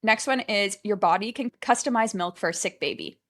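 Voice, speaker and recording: An excitable young woman co-hosts a podcast in easy, casual chat. Her talk is animated and full of "like" fillers, and she reads out facts with bubbly enthusiasm. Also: mid-range voice, fairly quick. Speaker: podcast co-host.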